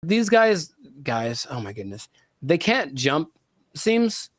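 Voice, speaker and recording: A man's voice: on the high side, very animated, slow pace, no echo. A man co-hosting a casual reaction chat, rambling and exclaiming with unease. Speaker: co-host.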